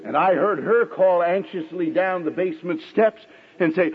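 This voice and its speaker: A middle-aged man preaching a sermon with dramatic pauses, now and then acting out the voices of the people in his stories. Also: sits high, slightly rough, big-room sound, narrow, tinny audio.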